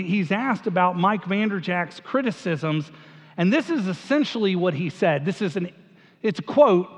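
A high-voiced man preaching in a large church sanctuary. He tells stories with animated energy and restarts phrases as he thinks aloud. The recording is a little dull, with a long hall echo trailing each line. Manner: animated storytelling, acts out quotes, repeats words. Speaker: pastor. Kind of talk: sermon.

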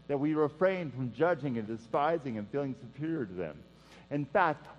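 A man preaching a sermon in an earnest style, repeating key phrases and dropping to a hush for emphasis. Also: mid-range voice. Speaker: pastor. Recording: dull sound with long hall reverb and mains hum.

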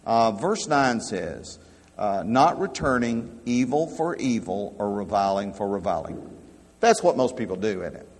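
A pastor preaching a sermon, slow and emphatic, dropping to a hush and then rising loud to make his points. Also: lowish voice, very animated, breathy edge. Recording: long hall reverb.

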